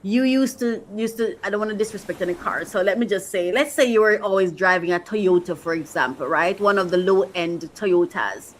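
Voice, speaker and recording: A woman's voice: mid-range voice, a little fast, hardly any pauses, a little hiss or hum, rough recording. A woman coach giving an emotional, motivational faith talk, repeating phrases for emphasis. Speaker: faith-based life coach.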